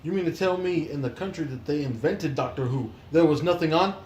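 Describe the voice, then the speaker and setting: A man's voice: fairly high pitch, a little fast, a little mellow. Joking man in an echoey room. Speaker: podcast co-host. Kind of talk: casual chat.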